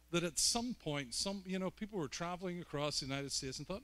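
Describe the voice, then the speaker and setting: A man's voice: high-pitched, expressive, fairly quick, few pauses, bright, forceful tone. A man from Northern Ireland with a Belfast accent, a guest preacher giving a sermon with joking, self-mocking asides. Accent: Northern Irish, Belfast.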